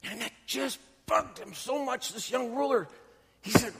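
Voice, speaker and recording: Male pastor, very high voice, emphatic storyteller, long church reverb. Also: unhurried, vocal fry, fairly bright tone, slightly rough. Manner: emphatic storytelling preacher, acts out quotes. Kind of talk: sermon.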